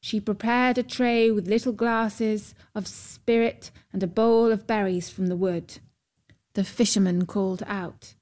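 Slow, measured woman storyteller. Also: medium pitch, fairly even intonation, a little mellow. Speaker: narrator. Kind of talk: scripted storybook narration.

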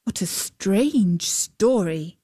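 A woman voicing a courteous, earnest young knight in a storybook reading, speaking formally and slowly. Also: mid-range voice, expressive, warm tone.

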